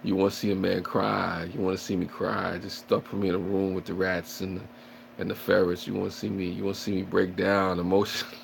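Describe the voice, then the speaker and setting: A man's voice: low-pitched, little pitch movement, a little fast, creaky, slight background noise. A man chatting and joking with viewers on a casual livestream, rambling and playfully acting out scared shrieks. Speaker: livestream host.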